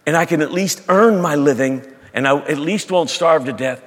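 A man's voice: a little high, moderate pace, fairly bright tone, big-room sound. A preacher voicing a young man ashamed of himself, asking only to be hired by his father. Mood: resigned. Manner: pleading, downcast. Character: ashamed young son begging to be a hired hand.

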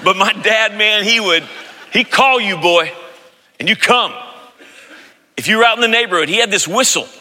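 A man in his fifties preaching a sermon as pastor, telling stories with animated, loud impressions of family voices. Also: high voice, normal speed, pauses often. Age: 50s. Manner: animated storytelling, mimics voices loudly. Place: large church sanctuary. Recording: long hall reverb.

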